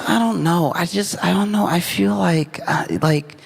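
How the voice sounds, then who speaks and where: A man's voice: high voice, moderate pace, creaky, slight background noise, voice pushed up. A man voicing a young wife who rambles hesitantly, full of "like" and "I don't know.". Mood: wavering. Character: unsure young woman, wife drifting from her husband.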